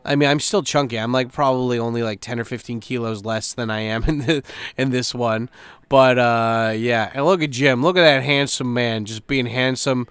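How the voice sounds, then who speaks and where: Young guy podcasting, swears a ton, smooth clear voice, dry close sound. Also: medium pitch, moderate pace, dry recording. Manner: profane, animated storytelling with lots of fillers. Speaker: podcast host. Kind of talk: casual rambling chat.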